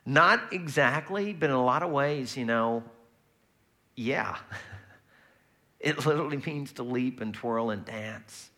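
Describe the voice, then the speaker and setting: A man preaching a sermon in a conversational, lively way, often slipping into quoted voices. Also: medium pitch, slow, long pauses. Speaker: pastor.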